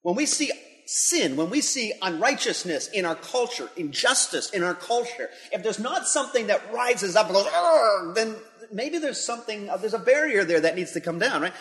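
A man's voice: high-pitched, lively intonation, normal speed, fairly bright tone. A middle-aged man, a pastor and school leader, giving an earnest devotional talk that builds to emphatic intensity. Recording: long hall reverb.

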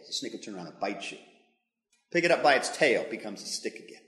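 A man's voice: on the low side, big pitch swings, quick pace, fairly bright tone. Emphatic male pastor in an echoey hall. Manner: conversational, emphatic preaching with asides to the congregation. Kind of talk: sermon. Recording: echoey hall with long reverb.

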